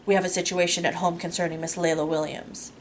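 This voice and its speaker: A woman reading a formal male bodyguard, low, quiet, clipped, storybook. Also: little pitch movement, fast, a little hiss or hum, close to an everyday voice. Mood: grave.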